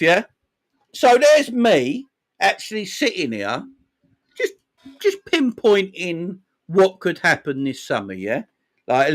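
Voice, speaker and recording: East end london guy on a footy stream, bright forceful voice, a bit high, keeps saying man and yeah. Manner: chatty, talks back to chat, repeats phrases, frequent "man" and "yeah". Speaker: football live-stream host. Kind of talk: casual live-stream chat.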